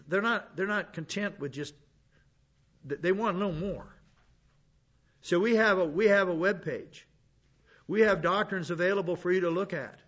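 A man's voice: high-pitched, fairly bright tone, lo-fi sound. A man preaching as a pastor teacher, blunt and conversational, often restarting his sentences. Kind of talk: sermon.

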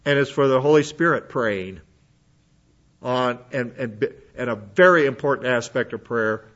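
A man's voice: medium pitch, a bit bright. Methodical male Bible teacher, dull recording. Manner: methodical, works through Greek word lists with restarts. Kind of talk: sermon-style Bible lesson.

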